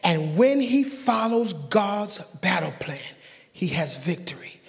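A man preaching a sermon in a church, fervent and joking with the congregation, often breaking into excited yelling. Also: high voice, slow, vocal fry. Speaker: pastor. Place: church sanctuary. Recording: long church hall reverb.

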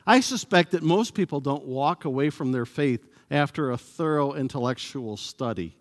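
Animated man preaching in a reverberant hall. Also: mid-range voice. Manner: animated, acts out sarcastic voices; slow, emphatic delivery with pauses. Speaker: pastor. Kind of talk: sermon.

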